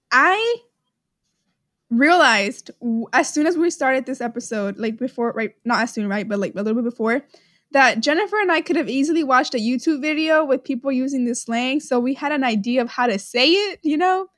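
A woman's voice: high voice, moderate pace, a bit bright, dry recording, studio quality. A young woman co-hosting a podcast in casual chat, rambling and giggly, with lots of "like". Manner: giggly, rambling, heavy use of "like". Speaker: podcast co-host.

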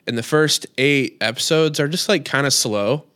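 A male podcast co-host talks in a loose, rambling way, filling his sentences with "like." His voice is smooth and clear at a middle pitch. It is recorded close and dry. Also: normal speed, a bit bright, no echo. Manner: rambling, heavy use of "like". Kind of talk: casual chat.

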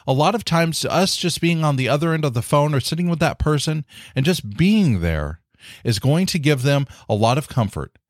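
A podcast host talks solo in a medium-pitched voice, recorded cleanly in a studio with no echo. His casual delivery is earnest and encouraging, peppered with fillers like "you know."

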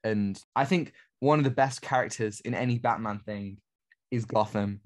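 A man's voice: fairly low pitch, moderate pace. A man co-hosting a podcast, talking casually and with effusive enthusiasm. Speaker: podcast co-host.

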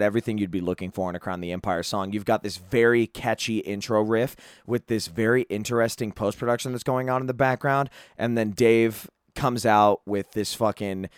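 A man's voice: fairly low pitch, smooth, dry recording, clean studio sound. A man hosting a solo podcast, reviewing an album in a rambling, casual way with lots of fillers and free swearing. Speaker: podcast host.

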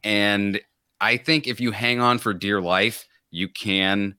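Man in his thirties, podcast host, bright clear tone, dry close mic, joking and chatty. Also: fairly low pitch, steady tone, takes it slowly, no room sound. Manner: joking, laughs often, quotes people in silly voices. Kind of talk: casual comedic podcast chat.

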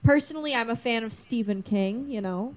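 A woman's voice: fairly high pitch, fairly quick, darkish tone. Playful woman co-hosting a podcast. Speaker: podcast co-host. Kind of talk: casual film chat.

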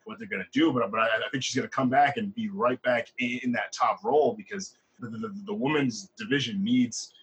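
A man's voice: medium pitch, fairly quick, hardly any pauses, a bit bright, husky, rough recording. A man co-hosting a casual wrestling chat podcast, often stammering and repeating words. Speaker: podcast co-host.

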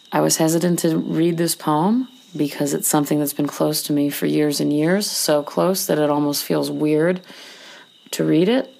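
A woman's voice: sits low, creaky, a little mellow. A woman losing her voice talks casually into a phone outdoors, rambling a little, then reads a poem aloud. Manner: rambling, self-deprecating, unscripted. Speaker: podcast host reading poetry. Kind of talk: casual chat, then poetry reading.

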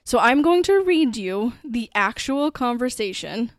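A woman's voice: fairly high pitch, sing-song, measured pace, no room sound, clean studio sound. A woman co-hosting a podcast, casually retelling a true-crime case with lots of fillers and some swearing. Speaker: podcast co-host.

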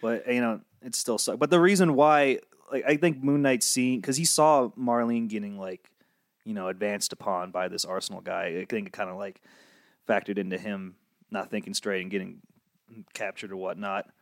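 Halting young man recapping a comic. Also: fairly low pitch, dry recording, clean studio sound. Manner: halting, gathering thoughts with fillers. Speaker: podcast co-host. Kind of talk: casual chat.

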